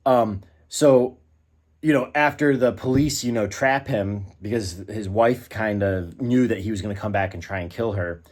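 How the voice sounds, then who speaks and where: An exasperated man delivering a casual film review in a somewhat low voice. He rants about what bothers him and often breaks off, restarts and fills gaps with "like" and "uh". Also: moderate pace, a little mellow. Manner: exasperated, ranting, with many fillers and restarts. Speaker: movie reviewer.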